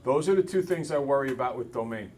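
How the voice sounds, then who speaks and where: A man teaching a math class, brisk and teasing, talking to students in a classroom. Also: medium pitch, expressive, a little mellow, far from the mic, a little hiss or hum.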